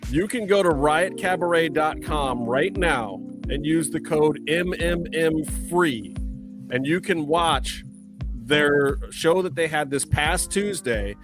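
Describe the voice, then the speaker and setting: A man's voice: fairly high pitch, animated, takes it slowly, music in the background. A laid-back, chatty man co-hosting a podcast and giving listeners step-by-step instructions. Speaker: podcast co-host. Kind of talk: casual chat with sponsor plug.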